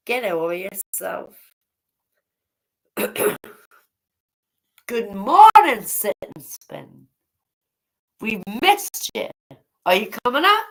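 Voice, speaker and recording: A woman talks to her live-stream chat in a slow, unhurried way. Her voice has a gravelly edge. She speaks bluntly, swears freely and calls out to viewers by name. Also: medium pitch, very animated, a bit bright, low-quality recording. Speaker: livestreamer.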